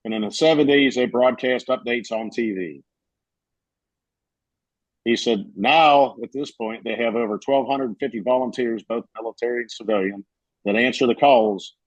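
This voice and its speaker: A man's voice: mid-range voice, lively intonation, normal speed, no room sound, low-quality recording. A man on a podcast telling a story in casual chat, rambling with fillers and restarts.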